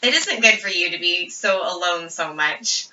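Woman doing a strict, anxious farm mom, sharp tone, roomy distant sound. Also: on the low side, animated, moderate pace. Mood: coaxing. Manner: sternly scolding, then soft and vague. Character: stern, worried farm mother. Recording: roomy, distant, dull audio.

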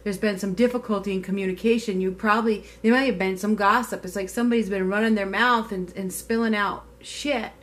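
A woman's voice: medium pitch, fairly even intonation, brisk, few pauses, a bit bright. Chatty woman giving a tarot reading. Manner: chatty, emphatic, swears casually. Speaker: tarot reader. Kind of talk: casual tarot reading to camera.

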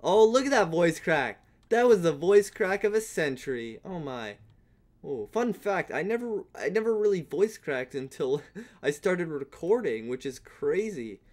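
A young man giving casual, rambling commentary on his own gameplay, now and then breaking into playful yelling. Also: fairly high pitch, very animated, measured pace. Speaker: gaming YouTuber.

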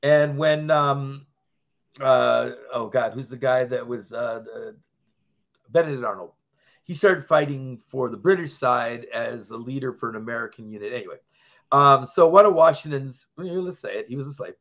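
A man's voice: mid-range voice, moderate pace, fairly bright tone. A man co-hosting a podcast in casual chat, rambling from point to point and laughing often. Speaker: podcast co-host. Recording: dull lo-fi sound.

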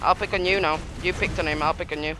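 A man giving excitable, trash-talking commentary over his gameplay, laughing often. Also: fairly high pitch, fast, background noise. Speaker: gaming YouTuber.

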